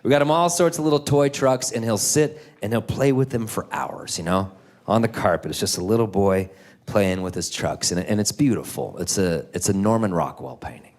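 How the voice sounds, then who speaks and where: A man in his thirties doing a stand-up comedy set, animated, jumping into loud high-pitched voices for kids and teachers. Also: moderate pace. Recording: live in a theater with crowd laughter.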